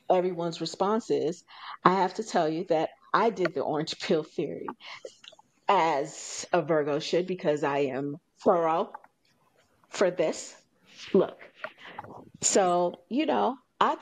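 This woman has a lowish voice and hosts a radio talk show in an easy, chatty way. She tells stories with animation and slips into other people's lines as she goes. She repeats her main points for emphasis. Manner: emphatic, repeats key phrases. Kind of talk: casual chat.

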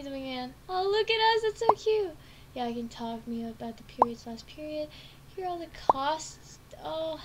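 A woman streamer giving casual let's-play commentary at her home computer, excitable, with gasping and squealing reactions. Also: high-pitched, very noisy. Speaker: gaming streamer. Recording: keyboard clicks in background. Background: typing on a keyboard.

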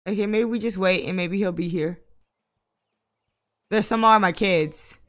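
A woman giving casual Let's Play commentary, exasperated and bursting into loud outbursts at the game. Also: mid-range voice, a little slow. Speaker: gaming YouTuber.

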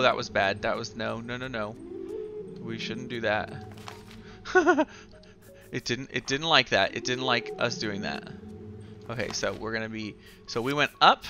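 A man giving excited, giggly let's play commentary while thinking aloud through a puzzle game. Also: medium pitch. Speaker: gamer playing a video game.

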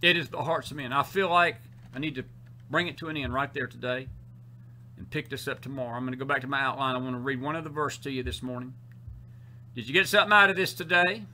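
A man's voice: medium pitch, quick pace, pushed and bright, slight background noise. A man with a Southern US accent preaching a sermon, emphatic and fond of repeating his key phrases, with sarcastic asides to the congregation.

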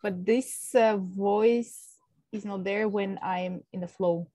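A woman's voice: medium pitch, steady tone, takes it slowly, dark tone, dry recording, low-quality recording. A woman in a casual group discussion, enthusiastic, stringing ideas together. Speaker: seminar participant.

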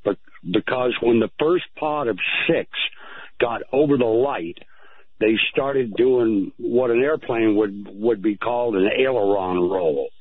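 Male radio caller, halting storyteller, heard over a tinny phone line. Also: medium pitch, slightly rough. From United States. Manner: halting, repeats words. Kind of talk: phone-in account.

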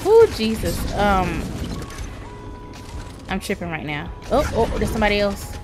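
A woman streaming a shooter game, reacting with loud cries to the Lord and rapid repeated words. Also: medium pitch, over music. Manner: excitable, exclaims to the Lord and Jesus, repeats words fast. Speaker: gaming channel host. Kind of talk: live gameplay commentary.

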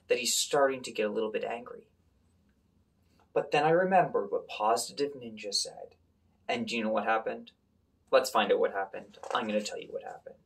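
A man reading a picture book aloud to children as their teacher and leading a calming breathing exercise. He is gentle and encouraging, often dropping to a soft whisper. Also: lowish voice, fairly quick, gravelly, breathy edge.

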